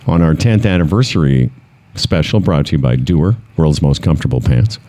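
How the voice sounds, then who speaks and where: A man's voice: a bass voice, moderate pace, warm tone. A man co-hosting a talk show, joking and self-deprecating in casual banter. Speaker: radio show co-host.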